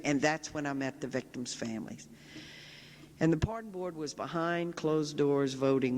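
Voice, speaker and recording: Woman storyteller in a reverberant chapel. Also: on the low side. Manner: vivid storytelling, quotes people directly. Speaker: Catholic sister giving a public talk. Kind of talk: storytelling lecture. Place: large chapel. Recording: long reverb of a large chapel.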